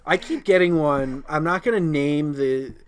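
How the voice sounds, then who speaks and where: A young man co-hosts a laid-back podcast chat in a slightly higher voice. He drops dry, deadpan remarks and keeps his delivery relaxed. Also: normal speed, smooth. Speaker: podcast co-host. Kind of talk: casual chat.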